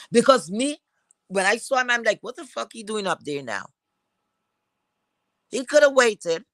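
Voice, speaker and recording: Woman commentator, bright edgy tone, blunt and foul-mouthed, hammering rhetorical questions. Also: a little high, dry recording. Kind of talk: heated opinion rant.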